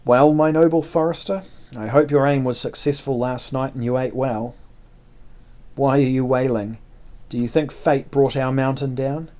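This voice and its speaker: A man reading a novel aloud, voicing a sardonic, amiable tall gentleman traveller with dry, mocking courtesy. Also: mid-range voice, steady tone, moderate pace, natural voice. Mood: teasing. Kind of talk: audiobook character voice.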